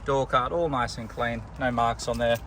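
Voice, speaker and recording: A man with an Australian accent, a car salesman giving a relaxed walkaround tour of a vehicle, pointing out features as he goes. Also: medium pitch, moderate pace, slight background noise. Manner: relaxed, plain-spoken, pointing things out as he goes. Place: outdoors around a car, then inside it.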